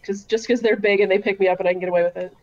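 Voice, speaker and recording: A woman's voice: mid-range voice, steady tone, very fast, a little mellow. Chatty woman playing a tabletop game, dull sound. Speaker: player.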